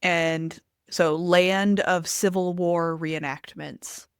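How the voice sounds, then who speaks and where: Smooth-voiced chatty woman. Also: on the low side, fairly even intonation, takes it slowly, no echo, studio quality. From Western North Carolina. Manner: chatty, many fillers. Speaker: podcast co-host. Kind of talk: casual conversational chat.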